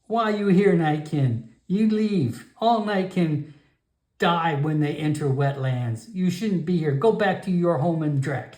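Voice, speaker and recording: A man's voice: on the high side, lively intonation, measured pace, a little mellow, pitched above the performer's own voice. A man voicing a stern old female frog-folk shaman who scolds in broken, clipped speech. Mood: suspicious. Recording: echoey room.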